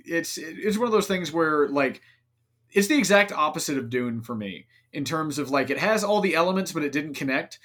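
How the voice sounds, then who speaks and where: A man's voice: a little high, fairly bright tone. A man hosting a casual podcast, talking in a loose, rambling way full of fillers and restarts. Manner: rambling, filler-heavy, self-interrupting. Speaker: podcast host.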